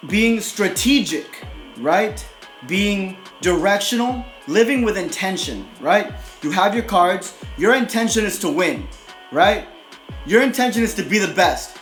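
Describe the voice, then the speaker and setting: A man with a high voice talks in a blunt, aggressive, profane way, tagging "right?" onto nearly every line. His casual motivational monologue is recorded in an echoey room. Faint music plays behind him. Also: lively intonation, unhurried, fairly bright tone. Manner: profane, repeats "right?" constantly. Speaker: motivational video host.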